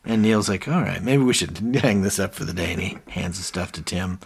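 A man's voice: low-pitched, a little fast, creaky, breathy edge. A man co-hosting a podcast, casually retelling TV scenes and quoting characters. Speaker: podcast co-host. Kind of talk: casual recap chat.

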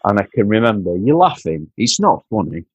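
Here a podcast guest from Doncaster, England, recounts his life earnestly in a Yorkshire accent, going over points twice and addressing the host as mate. His lowish, breathy voice has a sing-song lilt and moves a little fast. The low-quality recording has no echo.

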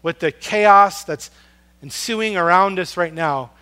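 A man preaching a sermon, earnest and storytelling, swinging from loud emphasis down to a hush on soft words. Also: high voice, slow pace, clean tone. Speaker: pastor.

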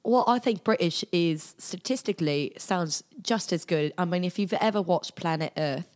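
Female podcast guest, deep for a woman, playful storyteller. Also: moderate pace, a little mellow. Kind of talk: casual chat.

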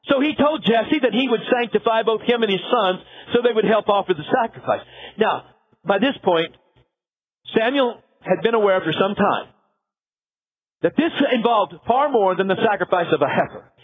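A man's voice: high voice, animated, moderate pace. A man pastor preaching a sermon, telling a biblical story with dramatic flair and acting out the characters. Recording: tinny phone-like sound.

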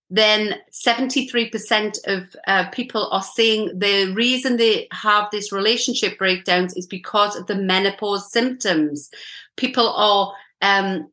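A middle-aged woman guest on a podcast talks in a bright, tense voice. She is straight-talking and explains step by step, pausing to check with "okay?". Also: mid-range voice. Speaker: menopause coach, guest. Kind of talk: podcast interview.

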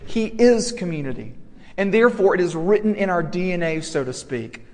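A man's voice: sits high, lively intonation, normal speed, a little mellow. Earnest male preacher in a reverberant hall. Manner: earnest, builds to raised emphatic preaching. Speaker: campus ministry pastor. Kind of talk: sermon.

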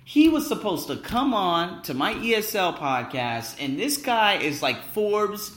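Excitable, profane man with a lively voice. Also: high-pitched, a little slow, echoey room. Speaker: English teacher vlogger. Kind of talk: casual vlog monologue.

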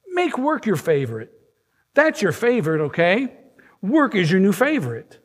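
Brusque store manager, put on by a pastor in a quoted film scene, a bit higher than his own voice. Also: wildly swooping pitch, moderate pace, in a large hall, exaggerated voice. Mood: bossy. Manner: bossy, announcing. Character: brusque department store floor manager, man.

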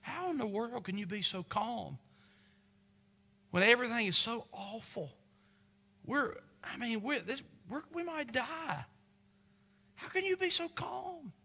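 A man's voice: extremely high pitch, animated, unhurried, creaky, pauses often, sharp tone, husky, long reverb tail, voice pushed up, exaggerated voice. A man voicing a frightened wife on a ship in a storm, stammering in a raised, panicked voice. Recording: slightly dull lo-fi recording.

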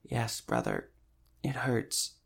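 A man's voice: mid-range voice, lively intonation, normal speed, gravelly. A man reading an audiobook, voicing a sick old woman who speaks in a dry whisper. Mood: weak.

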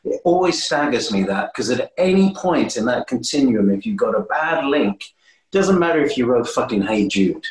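A man guesting on an interview, telling stories in a lively, animated way with many restarts. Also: moderate pace. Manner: animated, swooping pitch, frequent restarts. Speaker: guest musician. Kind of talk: casual interview storytelling. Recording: roomy echo.

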